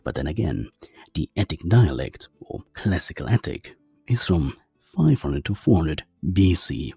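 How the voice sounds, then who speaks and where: Slow, gravelly deep-voiced man teaching. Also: very animated, warm tone, dry recording, faint music behind. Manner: methodical, spells out letters and sounds. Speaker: language teacher. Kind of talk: explanatory lesson.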